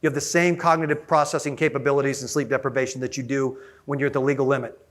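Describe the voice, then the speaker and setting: A man giving an energetic conference keynote, often asking the audience questions. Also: mid-range voice, fast. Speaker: conference speaker.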